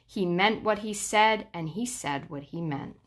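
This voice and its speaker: A woman's voice: medium pitch, unhurried, noisy background. A young woman reading a rhyming children's book aloud in a sing-song manner, with dramatic drops. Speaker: storyteller.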